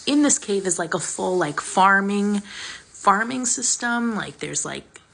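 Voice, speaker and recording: A woman's voice: medium pitch, lively intonation, a little slow, creaky, fairly bright tone. A woman retelling an old myth in a chatty, sarcastic, casual way, with plenty of fillers. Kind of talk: casual storytelling.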